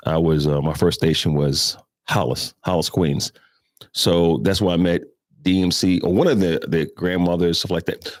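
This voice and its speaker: A middle-aged man with a New York accent tells rambling, salty stories on a morning show. His voice sits very deep, and the recording is close and dry with no room sound. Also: dry recording. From Brooklyn, New York. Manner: rambling, profane, with asides to listeners. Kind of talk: casual storytelling chat.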